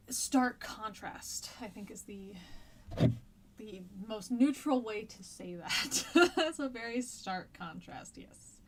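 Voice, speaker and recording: An American woman teaching a history lesson on a live stream, chatty and rambling with frequent ums, and a stuffy nose with a cough. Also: medium pitch.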